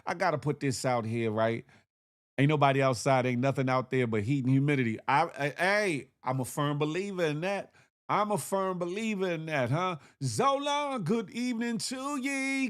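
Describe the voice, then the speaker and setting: A man hosting a casual livestream, shouting out viewers by name in slangy, animated talk with lots of repeated phrases and "huh?". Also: fairly high pitch, normal speed. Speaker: livestream host.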